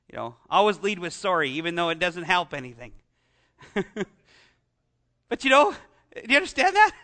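Man, Canadian pastor, sermon, very bright tone, conversational. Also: high voice. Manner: conversational, self-deprecating preaching with asides.

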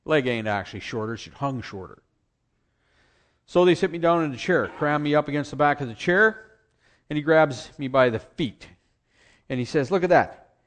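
A man's voice: a little high, expressive, moderate pace, pauses often, fairly bright tone. A man telling his personal faith story in a conversational way, with restarts and short acted quotes of others.

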